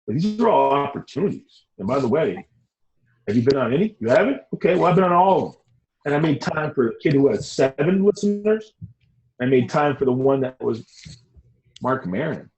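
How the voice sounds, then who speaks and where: A middle-aged man, a designer as interview guest, talking in an animated, rambling, emphatic way. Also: mid-range voice, a little fast, lo-fi sound. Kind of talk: casual interview talk.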